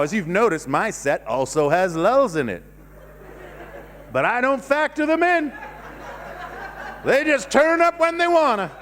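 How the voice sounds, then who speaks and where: A man doing a stand-up comedy set on a cinema stage, rambling and self-deprecating, going from loud bursts down to mumbling. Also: high-pitched, big-room sound, a little hiss or hum. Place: cinema stage before a live audience.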